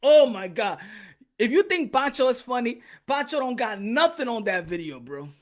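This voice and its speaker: Animated, high-voiced man telling stories. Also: moderate pace. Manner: animated, profane, laughing often. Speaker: podcast host. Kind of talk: casual storytelling.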